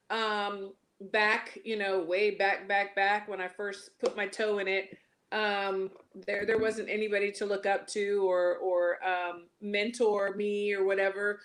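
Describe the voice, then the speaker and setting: A woman hosting a casual talk show, speaking in an animated way with lots of fillers. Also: medium pitch. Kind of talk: casual chat.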